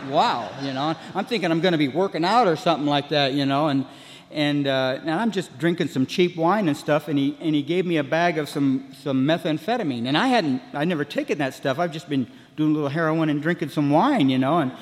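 A man with a somewhat high voice tells his recovery story to a meeting, wandering and looping back with "you know" and many restarts. He slips into other people's voices as he goes. The sound rings out with a long hall reverb. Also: fairly quick. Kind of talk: personal recovery story told to a room.

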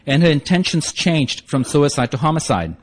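A man's voice: fairly high pitch, very animated, normal speed, background noise. A man with a non-native English accent telling a humorous personal story in a wry, self-mocking way, laughing as he goes. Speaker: speaker sharing a recovery story.

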